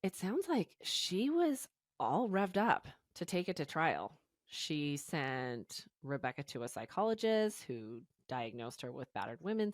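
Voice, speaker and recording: A woman co-hosts a true-crime podcast in a low, unhurried voice, walking a friend through the case with easy fillers. The sound is close and dry, with no room around it. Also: no room sound. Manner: chatty, storytelling with fillers like "you know". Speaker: podcast co-host. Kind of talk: casual true-crime chat.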